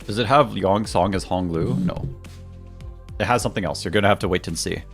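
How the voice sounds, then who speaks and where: Male streamer, lowish register, playful and chatty, reads game lines aloud, quiet music underneath. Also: a little fast, creaky. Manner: joking, laughs often, banters with chat. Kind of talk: casual game stream, reading dialogue aloud.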